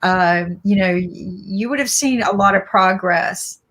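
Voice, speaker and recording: Southern woman, casual political talk show guest, opinionated and animated, mid-pitched voice. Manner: animated, opinionated, quick restarts.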